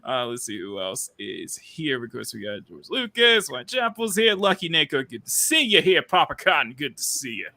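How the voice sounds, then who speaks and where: A man hosting a casual live stream, excitable and giggly, greeting viewers in chat by name. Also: a little high, normal speed, gravelly, hardly any pauses. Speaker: streamer host.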